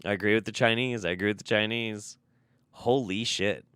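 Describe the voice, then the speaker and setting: Exasperated man ranting, clear and dry. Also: fairly low pitch, steady tone, brisk, a bit bright, dry recording. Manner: exasperated, swearing, repeats phrases. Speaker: commentary video host. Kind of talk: profane reaction commentary.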